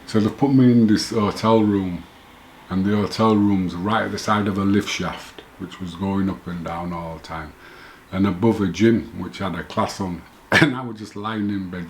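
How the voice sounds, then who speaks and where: Middle-aged guy, deepish voice, rambles and corrects himself telling old stories. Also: steady tone, moderate pace, slight background noise. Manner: rambling, self-correcting, chuckles now and then. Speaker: former boxer telling his story. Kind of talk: casual first-person storytelling.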